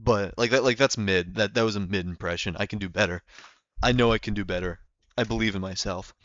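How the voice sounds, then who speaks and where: A man's voice: on the low side, a little fast, a bit bright, no room sound, dull audio. Rambling young man streaming a game. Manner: rambling, many fillers. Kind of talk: casual live-stream chat.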